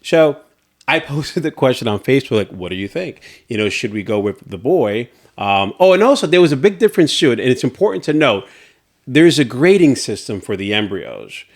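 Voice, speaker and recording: Male podcast co-host, casual storyteller, acts out reactions, average pitch. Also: normal speed. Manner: animated storyteller, laughs often, acts out reactions. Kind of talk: casual chat.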